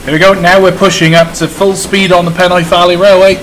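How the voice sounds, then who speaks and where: A man's voice: high-pitched, level tone, brisk, fairly bright tone, slight background noise, rough recording. A man from Wales hosting a casual livestream, chatting and joking while driving a train in a game. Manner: jokey, chatty, commentating on the game. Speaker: livestream host playing a train simulator. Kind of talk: casual gaming chat.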